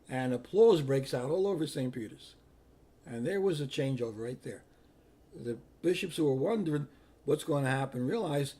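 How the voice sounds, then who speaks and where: Husky older man telling stories. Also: mid-range voice, normal speed. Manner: animated, repeats words, acts out sounds and quotes. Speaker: interviewee recounting history. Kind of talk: personal storytelling.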